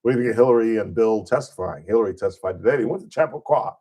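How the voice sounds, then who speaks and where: A man hosts a casual radio talk show in a slightly husky voice. He tells stories with plenty of energy, and his pitch leaps upward whenever he gets excited. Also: very fast. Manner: animated storyteller, voice jumps high on punchlines.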